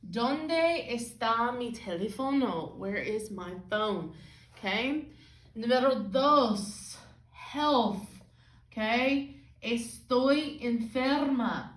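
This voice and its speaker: A woman teaches a Spanish lesson at a whiteboard, asking "okay?" after nearly every phrase. Her voice is a little high and comes from off-mic, far from the microphone, in an echoey room.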